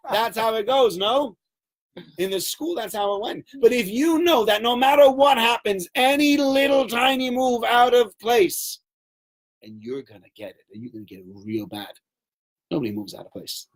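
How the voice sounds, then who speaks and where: A man's voice: extremely high pitch, animated, normal speed. A man giving a Torah lesson to a class, telling stories with animation and acting out quotes. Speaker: Torah teacher.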